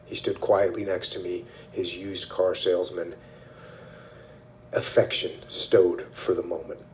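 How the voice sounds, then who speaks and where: A man hosting a podcast, reading passages from a book aloud and discussing them in a measured, steady way. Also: sits low, slight background noise. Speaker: podcast host.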